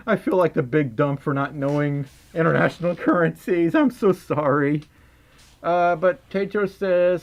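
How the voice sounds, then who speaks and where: Giggly Southern-accented male streamer, goofy casual chat, voice bouncing high and low. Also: expressive, takes it slowly, highs cut off. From Mississippi, US South. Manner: silly, giggly, reads donations aloud. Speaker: livestream host. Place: indoors at home, wearing a fursuit head.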